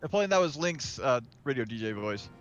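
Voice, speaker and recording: Fast-talking stammering man. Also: medium pitch, sing-song, lo-fi sound, faint music behind. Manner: stammers on restarts, chatty. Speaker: player. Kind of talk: casual chat while gaming.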